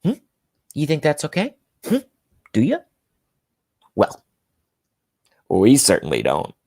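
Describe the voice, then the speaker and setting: A man's voice: mid-range voice, huge pitch swings, slow, vocal fry, a little mellow, breathy edge, pitched above the performer's own voice, heavily acted. A man putting on a mocking impression of a condescending female cable news host, asking patronizing questions.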